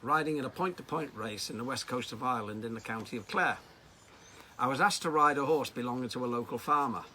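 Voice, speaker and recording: A man from Liverpool, a riding coach, telling personal anecdotes in a lively, storytelling way. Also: mid-range voice, fast talker, a little hiss or hum. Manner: anecdotal, lively delivery with acted quotes.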